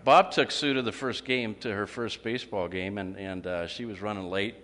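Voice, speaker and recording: A man's voice: on the low side, normal speed, fairly bright tone. A man giving a humorous speech at a club meeting, telling jokes and acting out quotes. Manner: joke-telling with acted quotes. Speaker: club speaker. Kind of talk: humorous after-dinner speech. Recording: echoey hall, faint ambience.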